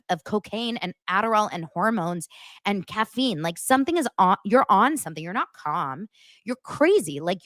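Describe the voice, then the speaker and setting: A female podcast host with a medium-pitched, fairly bright voice gives a chatty, gossipy recap of a reality TV show, leaning heavily on "like." Her opinions are blunt and judgmental, and the studio sound is clean with no echo.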